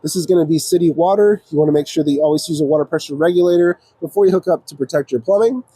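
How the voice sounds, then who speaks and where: A man from an RV dealership walking viewers through a trailer, explaining each control in a steady, practical, step-by-step way. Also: a little high, very fast, slightly rough, dry recording. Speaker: RV dealership salesperson giving a walkthrough. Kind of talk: casual walkthrough demonstration. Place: outdoors around an RV, then inside it.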